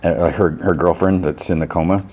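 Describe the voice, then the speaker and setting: A man's voice: low voice, fairly even intonation, normal speed, darkish tone. A man hosting a podcast, casually recapping TV scenes in a rambling way and retelling them with "he's like.". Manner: rambling, paraphrases scenes with "he's like" and laughs at himself. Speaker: podcast host.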